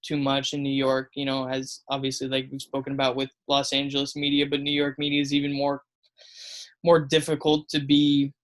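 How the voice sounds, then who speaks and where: A man's voice: medium pitch, monotone, brisk, a bit bright. A man co-hosting a casual sports podcast, talking in an easygoing way with frequent laughs and fillers. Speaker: podcast co-host.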